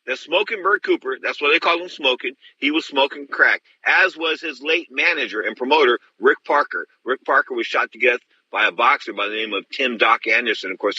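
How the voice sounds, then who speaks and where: A man's voice: medium pitch, bright, forceful tone, muffled recording, a little hiss or hum. A middle-aged man hosting a show, telling stories bluntly and rambling with many restarts. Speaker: host. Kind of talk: casual storytelling.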